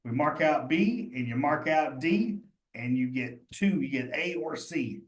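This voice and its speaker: A man's voice: fairly high pitch, expressive, measured pace. Man, casual teacher, talks to students directly, thinks aloud, echoey room. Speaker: cheese instructor. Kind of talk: live online study session. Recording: roomy echo.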